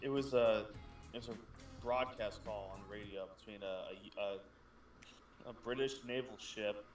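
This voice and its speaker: A man's voice: lowish voice, fairly even intonation, a little slow, distant mic. A man co-hosting a casual gaming stream, telling stories and swearing freely. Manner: profane, rambling storyteller. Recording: echoey and off-mic with music.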